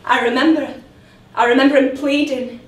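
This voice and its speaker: A woman's voice: high-pitched, steady tone, close to an everyday voice. A woman playing a lonely grown woman, a drunk, who keeps repeating herself in a stage monologue. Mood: bitter. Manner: halting, repeats her words. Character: lonely grown woman, a drunk, waiting for her late dad. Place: theatre stage. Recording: roomy theatre heard from a distance.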